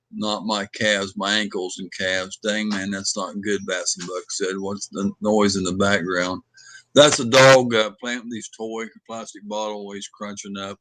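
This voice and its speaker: Low-voiced man reading chat aloud. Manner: rambling, reads chat messages out loud, hesitant fillers. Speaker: livestream host. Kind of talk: casual chat reading viewer comments aloud. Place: at home with his dog.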